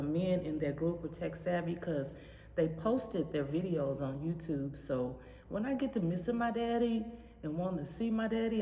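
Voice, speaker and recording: A woman with a very low voice fondly recalls the past in a relaxed, chatty interview, dotted with ums and uhs. Her words ring out with long reverb in a big, echoey room. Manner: fond, chatty, with frequent fillers. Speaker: former pastor's daughter. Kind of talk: reminiscing interview.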